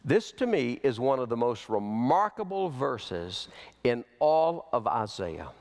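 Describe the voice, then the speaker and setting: A man preaching a sermon as pastor, slow and emphatic, with big swings in pitch. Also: sing-song, a little mellow. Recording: long hall reverb.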